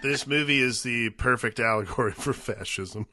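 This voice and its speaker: A man's voice: mid-range voice, normal speed, bright, forceful tone, dry recording, clean studio sound. A man co-hosting a movie podcast, dropping wry, jokey comments into the chat. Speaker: podcast co-host. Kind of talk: casual movie-review chat.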